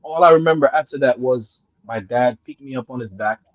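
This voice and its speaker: A Jamaican-raised guest spins a yarn in relaxed talk, talking briskly and lurching between excited shouts and soft mumbles while laughing and swearing a lot. The audio sounds thin and tinny, with no echo.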